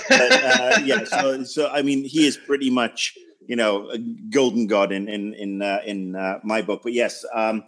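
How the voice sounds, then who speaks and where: A man's voice: medium pitch, lively intonation, unhurried, pushed and bright. A man co-hosting a casual podcast, rambling and hesitant with dry humor. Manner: rambling, hesitant, self-deprecating. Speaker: podcast co-host.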